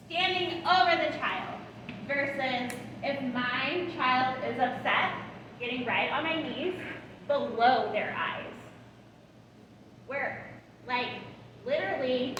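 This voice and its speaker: A woman in her thirties giving a lively parenting training talk to caregivers, often checking in with the room. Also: sits high. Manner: animated, checks in with the audience often. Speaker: parenting educator. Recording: echoey hall, voice from far off, background noise.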